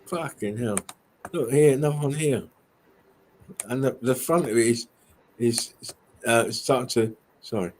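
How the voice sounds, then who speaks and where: An English man talks through a live stream in a loose, rambling way, swearing freely and restarting his sentences. His voice sits at an ordinary middle pitch. A faint hiss of background noise runs under his voice. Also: measured pace, long pauses, a little mellow, poor audio. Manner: rambling, profane, with frequent restarts and laughs. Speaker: guest showing buildings on a live stream. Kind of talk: casual livestream chat.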